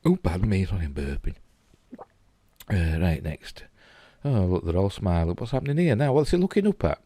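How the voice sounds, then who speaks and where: A man's voice: low-pitched, big pitch swings, moderate pace, dark tone, slightly rough, no echo. A middle-aged man with a Yorkshire accent, rambling casually and chuckling as he comments on pictures. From England. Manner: chatty, rambling, chuckling asides. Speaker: host.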